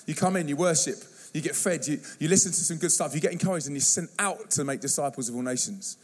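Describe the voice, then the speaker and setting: A man preaching a youth-focused sermon in a church, telling stories and acting out voices with animated energy. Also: a little high, fast. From England. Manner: animated storytelling, acts out youth slang and voices. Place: church hall.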